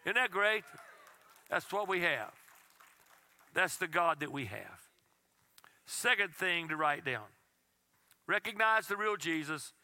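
A man preaching a sermon as pastor, telling a story in a conversational way and dropping to a soft, intense tone. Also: fairly high pitch, lively intonation, slow, long pauses, dry recording.

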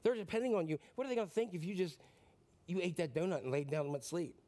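A man's voice: high-pitched, mellow, close to an everyday voice. A man voicing a male tempter spirit that hurries and nags with guilt, inside a sermon. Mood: nagging. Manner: pushy, hurried nagging.

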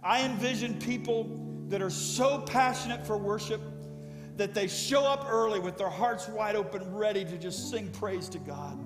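Middle-aged man, pastor preaching, emotional storytelling, fairly high voice, echoey church hall, guitar music behind. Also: normal speed. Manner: emotional, storytelling with rising excitement. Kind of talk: sermon. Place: church sanctuary. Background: soft guitar music.

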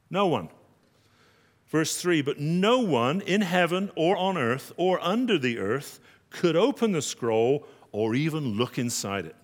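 A man pastor preaching a sermon, dramatic, rising high on quoted lines. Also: in a large hall.

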